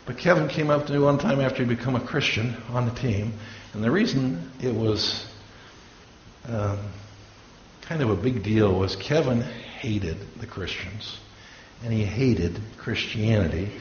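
In an echoey room, on dull lo-fi sound with a faint hiss, a pastor gives a sermon full of stories, acting out the voices of people he quotes. His mid-range voice is animated but a little slow.

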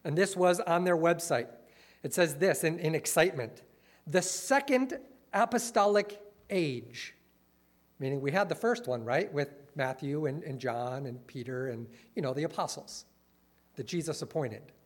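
Man, earnest lecturer, mid-high voice, wry asides. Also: normal speed. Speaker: speaker critiquing a church movement. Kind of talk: lecture-style talk, reading quotes.

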